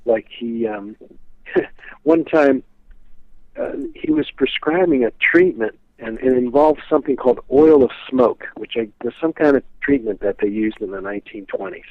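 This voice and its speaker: A man's voice: medium pitch, moderate pace, dry recording. A man, a guest on an interview show, telling stories in a casual, rambling way, full of fillers. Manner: rambling, filler-heavy, animated retelling. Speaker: guest expert. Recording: tinny dry phone line.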